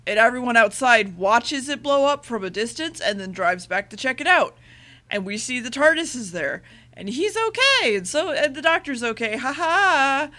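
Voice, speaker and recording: A woman with a bright, forceful tone recaps an episode in loose, casual chat. She rushes her words and swears freely, paraphrasing dialogue as she goes. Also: a little high, lively intonation. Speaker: podcast co-host recapping an episode.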